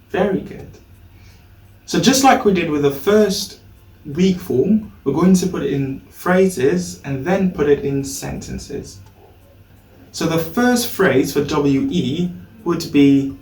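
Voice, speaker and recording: A man teaching British English pronunciation, speaking slowly and carefully and repeating words for the learner. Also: a little high, lively intonation, darkish tone. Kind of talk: scripted lesson. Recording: echoey room, voice from a distance.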